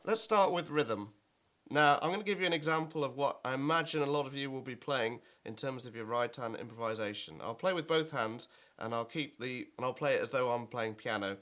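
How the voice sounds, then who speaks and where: A man's voice: medium pitch, brisk, fairly bright tone. A man teaching an online keyboard lesson, explaining at an easy pace with fillers and now and then chanting rhythm words over his playing.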